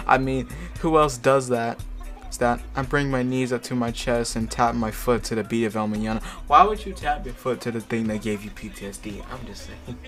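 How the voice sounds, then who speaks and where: A young man reading a fan fiction aloud for laughs, breaking off into crude, joking commentary. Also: mid-range voice. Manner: mock-dramatic reading broken by crude, joking asides. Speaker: host reading fanfic aloud. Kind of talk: comedic dramatic reading with commentary.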